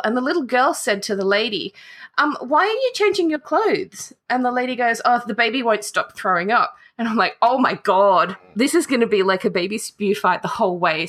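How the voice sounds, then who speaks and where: A woman's voice: medium pitch, a bit bright, husky. An Australian woman telling a funny travel story in casual chat, swearing freely and acting out the people she met.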